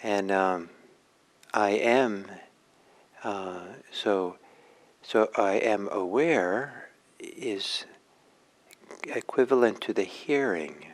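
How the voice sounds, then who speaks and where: A man guides a morning meditation in a calm, measured voice. His pitch sits low, and he talks very slowly, letting long pauses settle between short phrases as he explains the practice. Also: poor audio. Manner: slow, gentle, with long pauses. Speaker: meditation teacher.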